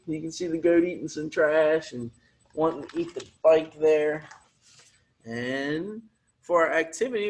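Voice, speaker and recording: Male PE teacher, slightly high voice, reads a storybook aloud and cheers kids on between activities. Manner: upbeat, encouraging, coaching children through activities. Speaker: physical education teacher. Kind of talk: reading a picture book aloud with movement breaks.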